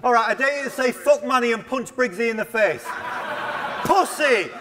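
A man's voice: very high-pitched, fast talker, noisy background. A man battle rapping live, mocking his opponent with punchlines and laughs. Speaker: battle rapper.

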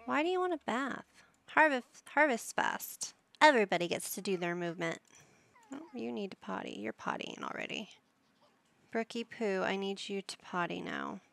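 A woman's voice: medium pitch, expressive, moderate pace, vocal fry, a bit bright, no echo. A woman giving casual commentary while playing a life-sim game, coaxing and scolding her characters like a playful parent. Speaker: gaming YouTuber.

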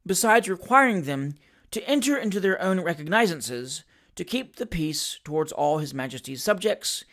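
A narrator reading a classic comic novel aloud at a measured pace. The storytelling stays even and unhurried. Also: medium pitch. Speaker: audiobook narrator.

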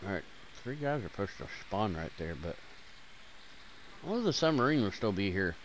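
A man with a fairly low voice rambles through casual gameplay commentary, joking and swearing as he goes. He jumps between loud outbursts and quiet mutters, wired on caffeine. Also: sing-song, moderate pace, slight background noise.

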